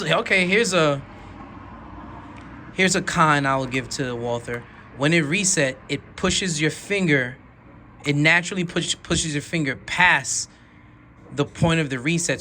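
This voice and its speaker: A man reviewing handguns in a rambling, enthusiastic way, dropping almost to a whisper while he slowly pulls each trigger. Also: mid-range voice, pushed and bright, a little hiss or hum. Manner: drops to a near whisper during slow trigger pulls. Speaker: gun reviewer. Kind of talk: casual product demo.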